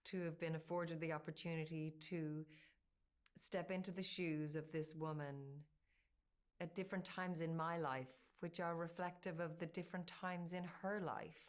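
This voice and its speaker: A woman speaking in an interview clip, measured and careful in her phrasing. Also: low voice, fairly even intonation. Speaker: actress in an interview. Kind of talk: interview answers.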